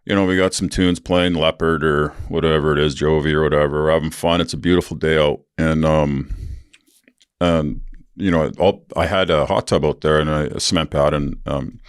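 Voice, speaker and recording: A man with an extremely deep, low voice tells a rambling, profane story on his podcast, full of fillers. The sound is dry and close, with no room around it. He jumps into raised voices when he acts out what other people said. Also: fairly even intonation, normal speed, smooth, dry recording. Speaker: podcast host. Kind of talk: casual storytelling.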